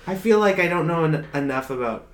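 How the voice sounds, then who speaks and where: A man's voice: on the high side, lively intonation, fairly quick. A man on a podcast panel giving blunt opinions, sprinkled with swearing. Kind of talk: casual chat. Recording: echoey room with faint noise.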